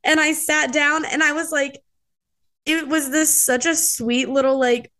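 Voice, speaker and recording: Chatty young woman, slightly high voice. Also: little pitch movement, measured pace, pushed and bright. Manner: chatty storyteller, acts out quotes, many fillers. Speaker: podcast co-host. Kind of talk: casual chat.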